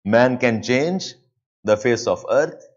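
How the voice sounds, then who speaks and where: A man with an Indian English accent teaching a live online class, dictating points and repeating them slowly, with Hindi asides mixed in. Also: medium pitch, lively intonation, lo-fi sound. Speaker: lecturer.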